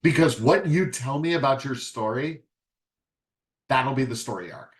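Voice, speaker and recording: A man presenting a writing workshop in a relaxed lecture style, talking conversationally and acting out short scenes with quick voice changes. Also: mid-range voice. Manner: conversational, acts out little scenes with quick voice shifts.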